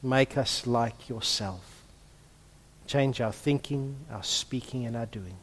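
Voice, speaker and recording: A man in the role of pastor, praying softly and then preaching with emphasis. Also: mid-range voice, slow pace. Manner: hushed in prayer, then lively and emphatic preaching. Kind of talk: prayer and sermon. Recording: long reverb of a large hall.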